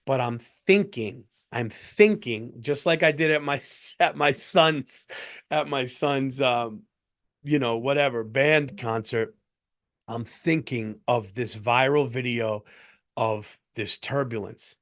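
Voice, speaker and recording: A middle-aged man hosting a comedy podcast, telling a story in an animated way, stumbling over restarts and breaking into laughter. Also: medium pitch, slow pace.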